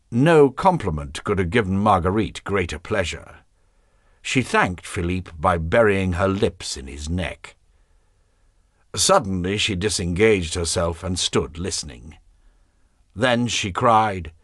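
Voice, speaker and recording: A man narrating a historical novel as an audiobook, expressive and measured. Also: on the low side, no echo, studio quality. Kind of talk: scripted narration.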